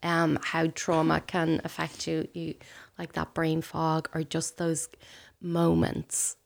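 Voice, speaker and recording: A woman, a guest talking intimately and hesitantly in a soft, often breathy, near-whispered voice. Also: low-pitched, monotone, takes it slowly. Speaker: guest sharing a personal story. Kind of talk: intimate conversation.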